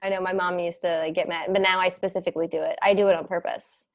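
A young adult woman hosting a casual podcast, chatting and telling stories in an animated, giggly way. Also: fairly low pitch, fast talker. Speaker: podcast host.

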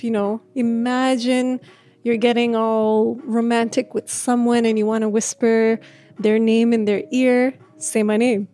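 A woman who stutters, telling a personal story in a reflective way, with repeated words and restarts and frequent laughter. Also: a little high. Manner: laughs often, speaks in a gentle, reflective way. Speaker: speaker sharing a personal story.

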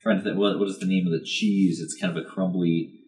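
Man, very deep voice, casual podcast chat, rambling, hesitant. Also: flat delivery, brisk, a little mellow. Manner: rambling, hesitant storytelling with many fillers. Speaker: podcast co-host.

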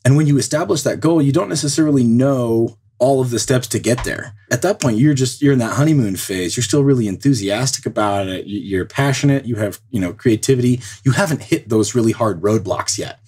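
Earnest husky man giving advice. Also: mid-range voice, fairly quick, few pauses, darkish tone. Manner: earnest, motivational, builds points step by step. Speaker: podcast co-host. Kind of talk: casual podcast chat giving advice.

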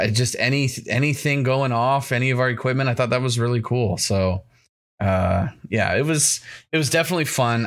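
Laid-back, enthusiastic man podcast co-host. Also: lowish voice. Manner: laid-back and enthusiastic, loose filler words. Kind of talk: casual podcast chat.

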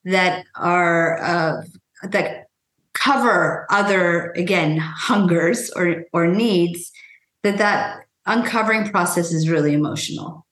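A woman who is a guest author, answering interview questions in a measured, reflective way. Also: fairly low pitch, fairly bright tone. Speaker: author and weight-loss guest. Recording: echoey room.

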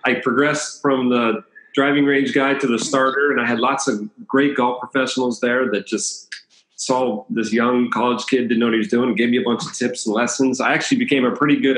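A talkative man from the Washington, D.C. area recounts his past in a relaxed, storytelling way. His voice sits at an ordinary middle pitch. The room adds a noticeable echo. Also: fairly quick. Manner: chatty, anecdotal, laughs between stories. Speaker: chiropractor. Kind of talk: casual storytelling interview. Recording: roomy echo.

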